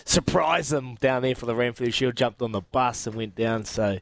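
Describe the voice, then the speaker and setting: A man co-hosting sports radio, reacting to callers with quick enthusiasm. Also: mid-range voice, creaky, no echo. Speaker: radio co-host.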